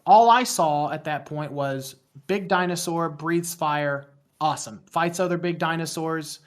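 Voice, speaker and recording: A man's voice: a little high, measured pace. A man in his thirties from West Virginia with a West Virginian accent, a podcast guest chatting casually, rambling and self-deprecating with frequent restarts. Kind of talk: casual interview chat.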